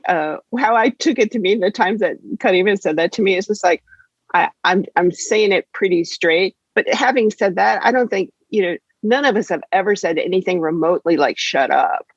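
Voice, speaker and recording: A woman guest on a podcast, explaining herself in a measured, hesitant way. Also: medium pitch, slightly rough, dry recording, dull audio. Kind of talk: casual chat.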